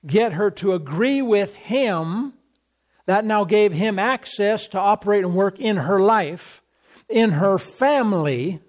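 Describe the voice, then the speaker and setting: High-voiced emphatic male preacher. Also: a little mellow. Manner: emphatic, repetitive preaching with acted quotes. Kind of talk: sermon.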